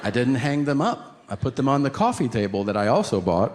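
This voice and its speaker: A middle-aged man doing stand-up comedy, telling a story in an animated, profane way and acting out his own shouts, on a club stage mic. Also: medium pitch, fairly quick. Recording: live club recording with audience noise.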